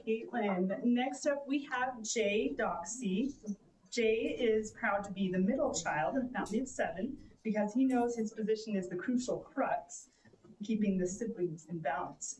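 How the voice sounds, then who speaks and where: A woman's voice: mid-range voice, a little slow, a little mellow, a little hiss or hum. A woman emcee at a library storytelling evening, reading short prepared introductions of each teller. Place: library event room. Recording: roomy echo, distant mic.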